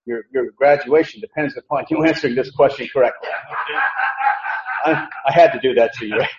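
A man's voice: mid-range voice, fairly quick, heavy background noise. A man preaching a sermon, teaching emphatically and asking the congregation rhetorical questions. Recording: echoey, dull lo-fi recording.

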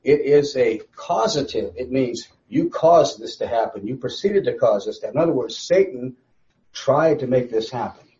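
A man's voice: medium pitch, expressive, normal speed, darkish tone, muffled recording. A man teaching a conversational Bible study. He speaks emphatically, asks rhetorical questions and repeats phrases for stress.

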